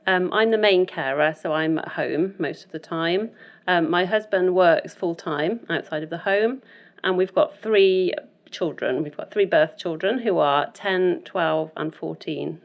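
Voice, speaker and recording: A foster carer, a woman in her thirties or forties, explains things in a measured way. Her voice is low with plenty of vocal fry. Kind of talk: interview answers.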